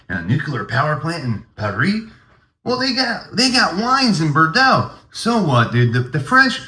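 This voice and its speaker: A man's voice: on the high side, pushed and bright, roomy sound. A man hosting a comedy podcast, rambling through a mock-grandiose, hyped monologue.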